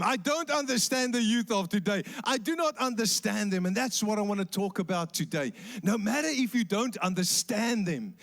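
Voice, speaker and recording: A man with a South African accent preaching a sermon in church, telling jokes and acting out voices in his stories. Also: high-pitched. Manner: animated storytelling with acted voices and jokes.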